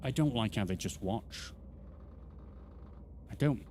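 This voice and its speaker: A man's voice: on the low side, expressive, takes it slowly, darkish tone, slight background noise. A man in his thirties doing live gameplay commentary, bantering playfully and teasing his chat. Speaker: streamer.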